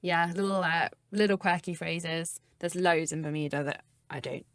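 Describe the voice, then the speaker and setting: A woman in her thirties from the West Country of England, with a West Country accent, co-hosting a podcast in a lively, conversational way and laughing easily. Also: fairly low pitch, moderate pace, no room sound, studio quality. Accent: West Country English. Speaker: podcast co-host. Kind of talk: casual chat.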